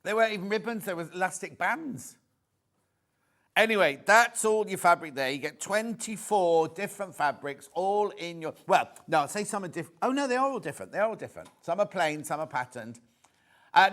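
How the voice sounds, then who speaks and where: A British man hosting live TV sales, talking in a chatty, rambling way that keeps doubling back on itself. His voice sits a little high for a man. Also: animated, fairly quick, fairly bright tone. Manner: chatty, repeats words, reads out viewer messages. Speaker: shopping channel presenter.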